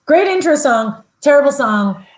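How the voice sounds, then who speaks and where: Young female podcast co-host, bubbly and casual, higher voice. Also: expressive, normal speed, rough recording. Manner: upbeat, giggly.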